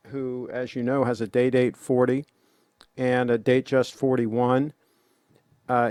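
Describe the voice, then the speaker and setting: A man hosting a casual live stream, talking in a relaxed, chatty way to viewers he calls folks. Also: mid-range voice, dry recording. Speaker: host.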